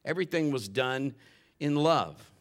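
A man preaching a sermon, often climbing louder and higher when he drives a point home. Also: animated, a little slow. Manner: impassioned, rises sharply in pitch and volume when stressing points; admits getting emotional while preaching. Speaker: pastor.

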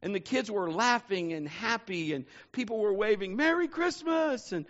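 A man's voice: high voice, moderate pace, fairly bright tone, long reverb tail. Man pastor telling a story, dull sound. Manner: conversational, personal anecdotes, frequent "you know". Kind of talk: sermon storytelling.

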